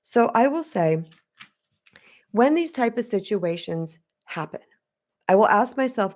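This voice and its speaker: A woman's voice: medium pitch, lively intonation, unhurried, a little mellow. Frank straight-talking woman coach. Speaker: relationship coach. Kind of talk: casual direct-to-camera talk.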